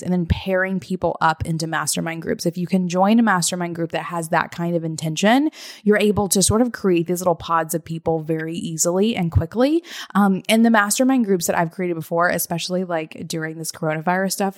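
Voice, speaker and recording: A woman's voice: on the low side, no echo. Chatty woman podcast co-host, dry sound. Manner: chatty, softens points with "sort of". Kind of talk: casual podcast chat.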